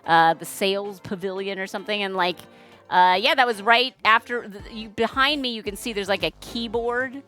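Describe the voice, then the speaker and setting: A woman's voice: mid-range voice, moderate pace, bright, forceful tone, faint music behind. A woman hosting her livestream in chatty, rambling casual talk, greeting viewers. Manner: chatty, rambling, trails off and restarts. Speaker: streamer host.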